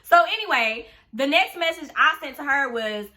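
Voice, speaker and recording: Bright-voiced woman ranting, blunt and profane. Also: sits high, animated, moderate pace. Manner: blunt and profane, venting with sarcasm. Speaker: vlogger telling a story. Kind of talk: storytime vlog, casual rant.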